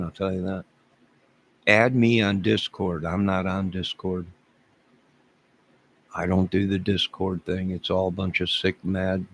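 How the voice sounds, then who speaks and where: A man around fifty ranting to his livestream chat, rambling and exasperated, repeating himself. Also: low voice.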